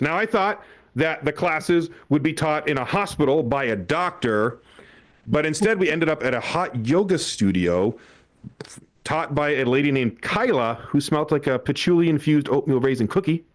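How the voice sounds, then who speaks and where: A young man performs a stand-up set into a handheld mic on a comedy club stage. He tells family stories, acting out quotes in passing and laughing often. His voice sits a little high for a man. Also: very animated, moderate pace.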